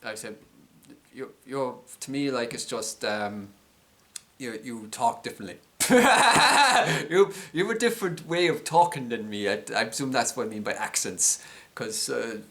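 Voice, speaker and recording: A man's voice: mid-range voice, expressive, normal speed. An Irish man rambling through a casual vlog monologue, hesitant, with many ums and restarted words. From Ireland. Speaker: vlogger.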